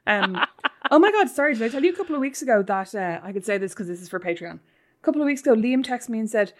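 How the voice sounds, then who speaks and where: A woman co-hosting a podcast with her sister, teasing and animated, often breaking into laughter. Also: fairly high pitch, very fast. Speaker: podcast co-host. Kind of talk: casual chat between sisters.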